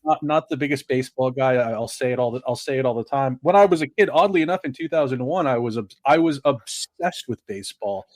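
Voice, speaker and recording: A man's voice: mid-range voice, quick pace, hardly any pauses, darkish tone, no room sound, studio quality. A man in his thirties co-hosting a casual sports podcast, rambling and chatty as he tells stories. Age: 30s. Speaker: podcast co-host.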